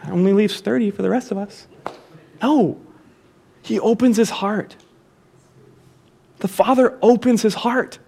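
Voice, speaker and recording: A man's voice: high voice, measured pace, creaky, pauses often, mellow, slightly rough. A pastor preaching a sermon to his congregation, repeating key phrases for emphasis and calling the listeners to say them back with him.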